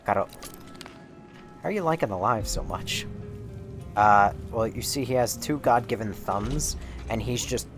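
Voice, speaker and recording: A man's voice: medium pitch, animated, normal speed, loud music behind the voice. A man streaming a let's play, reading in-game letters aloud and breaking into laughter.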